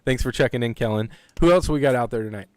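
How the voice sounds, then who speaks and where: A man with a mid-range voice hosts an amateur radio net, keeping the chat easygoing and casual. He chuckles often and fills his pauses with ums and uhs.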